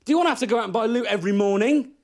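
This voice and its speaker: An actor playing an excitable young Englishman in his twenties, urgent and wheedling. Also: high voice, very fast. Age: young adult. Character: scheming, excitable young man.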